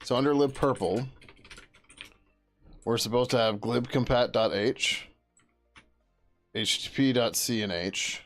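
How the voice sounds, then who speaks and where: A man's voice: mid-range voice, a little slow, pauses often, fairly bright tone, soft background music. A man thinking aloud as he works through code on a live stream, muttering to himself, trailing off and swearing casually. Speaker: software developer streaming his work.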